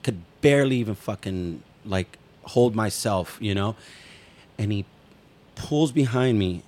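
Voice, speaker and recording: A man's voice: lowish voice, a little slow. A man co-hosting a casual talk show, telling a story with lots of swearing and acted-out quotes. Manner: profane, animated storyteller acting out quotes. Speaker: podcast co-host.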